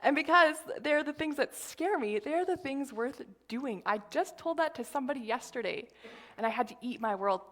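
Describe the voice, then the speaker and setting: A woman's voice: high-pitched, expressive, normal speed. A woman sharing an informal sermon at church, chatty and rambling, with lots of fillers and asides, whispering when she quotes others. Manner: drops to a hushed whisper for quoted lines. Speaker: church speaker sharing a message.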